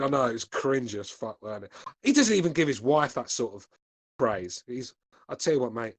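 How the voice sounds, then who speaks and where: A man's voice: medium pitch, very animated, fairly quick, dry recording. A man hosting a podcast, reading live chat with laid-back, crude, mocking banter. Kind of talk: casual live-stream chat.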